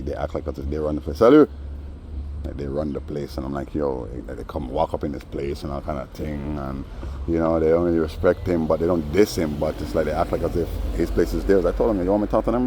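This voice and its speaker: A man with a low, dark voice tells a long story straight to his audience. His delivery is casual and rambling, peppered with slang and "you know." His tone stays mellow and unhurried. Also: a little hiss or hum. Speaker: vlogger.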